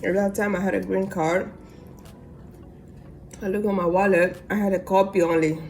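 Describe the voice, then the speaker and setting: A woman's voice: medium pitch, normal speed, slight background noise. Young woman from Africa telling a story. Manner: animated, acts out voices in quotes. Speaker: mukbang vlogger. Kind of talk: casual storytelling while eating.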